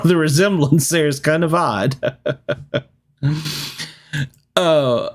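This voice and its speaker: A man's voice: on the high side, takes it slowly. A man hosting a casual live-streamed podcast, rambling and laughing often between thoughts. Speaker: podcast host.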